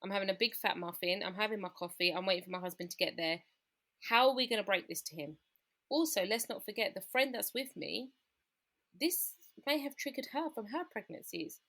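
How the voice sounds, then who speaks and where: A woman telling her own story in a candid, reflective conversation, growing quieter at the painful parts. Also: mid-range voice, lively intonation, a little fast, vocal fry. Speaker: guest sharing her experience.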